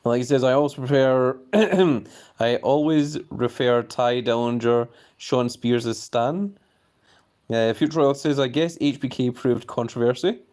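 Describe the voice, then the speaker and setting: A man's voice: medium pitch, measured pace, darkish tone. Casual male streamer reading chat aloud, mock-formal and baffled, mid-range voice. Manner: reads viewer comments aloud and reacts with playful bafflement; jokingly formal, refers to himself in the third person.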